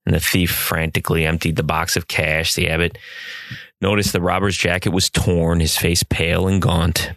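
A man hosting a podcast, telling a story and giving mindfulness advice in a gentle, reflective way. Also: sits low, flat delivery, moderate pace, no echo, clean studio sound. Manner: gentle and reflective, with soft hesitations. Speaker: podcast host.

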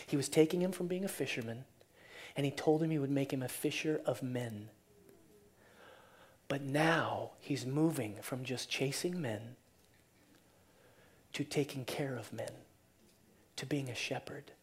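A woman pastor preaching a sermon, retelling the story casually and swinging from loud to hushed. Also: a bass voice, a little slow, long pauses, husky.

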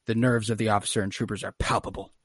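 A man's voice: lowish voice, quick pace, husky, no echo, studio quality. Laughing man retelling scenes. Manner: animated storyteller who acts out quotes and laughs often. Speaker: podcast co-host recapping an episode. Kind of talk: casual chat, retelling scenes.

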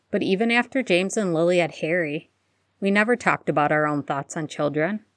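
A woman reading aloud, voicing a tired, graying man who speaks quietly and with wry restraint. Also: lowish voice, no echo, studio quality, lightly acted.

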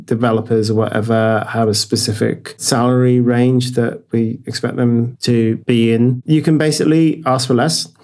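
Man from the UK, interview guest, chatty, voice leaps up when excited. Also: mid-range voice, moderate pace, hardly any pauses. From United Kingdom. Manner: animated storyteller, voice jumps up when excited. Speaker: guest, software developer. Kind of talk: casual interview chat.

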